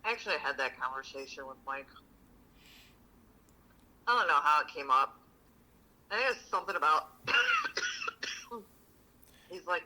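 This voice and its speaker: A woman's voice: low-pitched, expressive, moderate pace, pauses often, bright, forceful tone, rough recording. A woman co-hosting a podcast in casual chat, blunt and bawdy with constant swearing. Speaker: podcast co-host.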